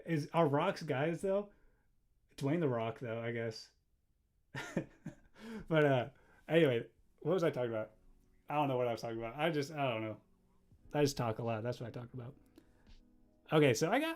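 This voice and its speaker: A young man chatting casually on a livestream while drawing, rambling and easily distracted, breaking into quick laughs. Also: mid-range voice, a little mellow, faint music behind. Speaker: livestreamer and animator.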